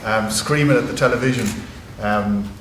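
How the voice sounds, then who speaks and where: An Irish man, a rugby club executive, speaks earnestly on a conference panel in a university hall, with many fillers and restarts. His voice is on the low side and fairly bright, at a normal speed. The hall is echoey, and background noise comes through.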